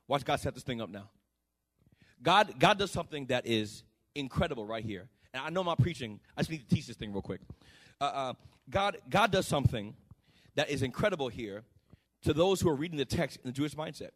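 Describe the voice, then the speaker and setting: A pastor preaching a sermon in church, swinging from quiet teaching to loud, sing-song calls and repeated phrases, and voicing his own imagined questions to God. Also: mid-range voice, sing-song, a little fast. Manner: acts out dialogues with God in a plain questioning voice. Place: church sanctuary.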